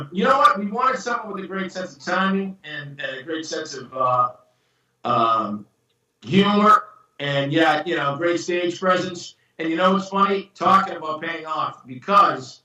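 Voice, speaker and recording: A man's voice: a little high, measured pace. A man being interviewed about his screenwriting, telling stories casually and acting out the voices of the people in them. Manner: animated storyteller, acts out quoted voices. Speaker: screenwriter and producer guest. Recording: roomy, distant from the mic.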